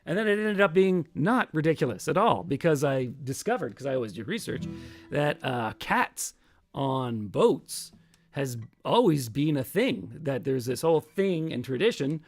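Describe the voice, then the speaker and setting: A man's voice: fairly high pitch, very animated, normal speed, faint music behind. A man hosting his own livestream as a singer-songwriter, chatting casually between songs in a rambling, self-mocking way that often trails off.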